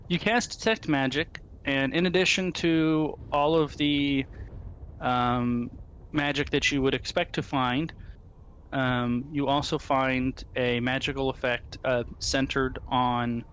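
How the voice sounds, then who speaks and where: A man narrating a tabletop game as game master, relaxed and hesitant with frequent fillers. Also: medium pitch, slow, smooth.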